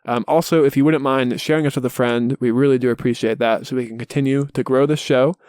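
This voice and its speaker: A man's voice: medium pitch, fairly even intonation, fast talker, a little mellow, no echo. Easygoing male podcast host, dry sound. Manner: easygoing, wraps up with plugs. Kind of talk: casual movie review chat.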